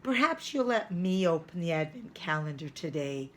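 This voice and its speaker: A woman reading aloud, voicing a gentle mother who coaxes her son. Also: on the low side, sing-song, normal speed. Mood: coaxing.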